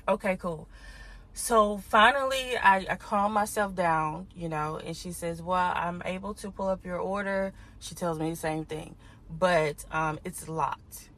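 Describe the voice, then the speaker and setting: A woman with a fairly low voice tells a long story on her podcast. She is animated and exasperated, and she turns aside to talk to her listeners as she goes. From Houston. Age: adult parent. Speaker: podcast host. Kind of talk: casual storytelling monologue.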